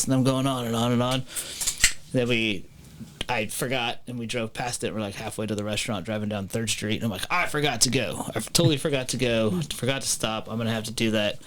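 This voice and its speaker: A man's voice: mid-range voice, steady tone, fairly quick, a bit bright, a little hiss or hum. A man who owns a restaurant, telling stories in casual podcast chat and swearing freely. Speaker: pizza restaurant owner.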